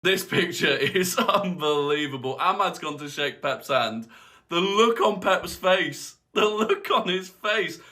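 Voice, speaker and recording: A man's voice: sits high, lively intonation, takes it slowly, sharp tone. A man giving an incredulous, critical football match reaction.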